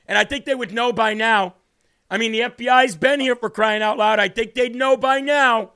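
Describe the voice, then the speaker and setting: A man's voice: extremely high pitch, brisk, fairly bright tone. A man hosting a live-streamed political talk show, fiery and indignant, repeating himself and reading chat comments aloud.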